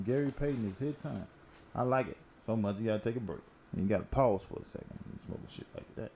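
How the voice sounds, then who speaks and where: A man's voice: lowish voice, fast, mellow, a little hiss or hum. A man hosting a casual current-events talk, telling stories in a laid-back, slangy and profane way while smoking. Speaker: host.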